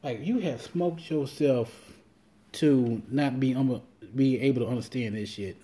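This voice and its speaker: A man with a warm, mellow voice talking in a loose, rambling monologue as a podcast host. He swears freely and slips into quick impressions of what people said to him. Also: mid-range voice. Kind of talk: casual monologue.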